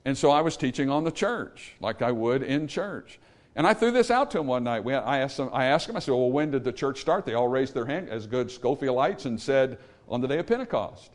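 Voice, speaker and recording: Animated Baptist preacher with lively pitch. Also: male voice, a little fast. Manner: emphatic preaching, rising to loud peaks then dropping low; calls for amen from the congregation. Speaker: Baptist pastor. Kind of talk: sermon.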